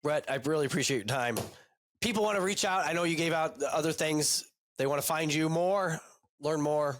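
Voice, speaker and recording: A man's voice: a little high, brisk, no echo. Easygoing male podcast host. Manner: relaxed, easygoing, brief reactions. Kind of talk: casual interview chat.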